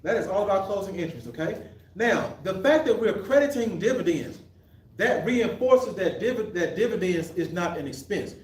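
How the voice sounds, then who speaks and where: High-pitched male teacher in an echoey room. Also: expressive, normal speed, a little hiss or hum. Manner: asks the class questions and answers them himself, restarts often. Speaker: accounting teacher. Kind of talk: live classroom lecture. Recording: echoey room, mic at a distance.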